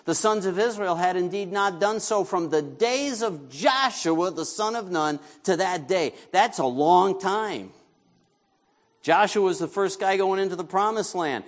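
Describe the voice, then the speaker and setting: A man's voice: sits high, expressive, unhurried. A man from New York preaching a sermon as pastor, talking conversationally, asking the congregation questions and joking with them.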